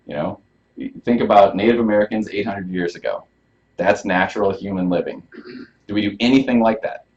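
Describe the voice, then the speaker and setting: A man's voice: on the low side, darkish tone. A man presenting a health workshop as a chiropractor, talking casually and asking the audience questions. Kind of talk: live workshop talk to an audience. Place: room with a small live audience. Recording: dull lo-fi recording.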